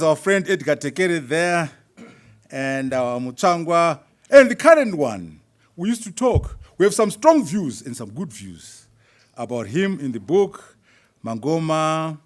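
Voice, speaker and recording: Middle-aged man from Zimbabwe, author at a launch, animated delivery, fairly high voice, warm asides. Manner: animated, chuckling asides to the audience. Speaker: author presenting his book. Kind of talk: lively speech at a book launch. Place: university hall at a launch event.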